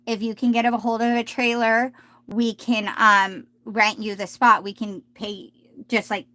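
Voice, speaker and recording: Woman, tarot reader, live stream, reassuring, rambling, bright voice, dry close sound. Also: a little high, flat delivery, measured pace, dry recording. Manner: gentle, reassuring, rambling with restarts.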